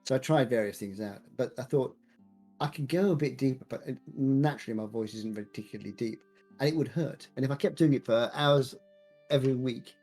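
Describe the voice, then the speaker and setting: A man's voice: mid-range voice, fairly quick, dark tone, faint music behind. A man casually chatting as a podcast co-host, thoughtful and rambling with frequent restarts. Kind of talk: casual chat.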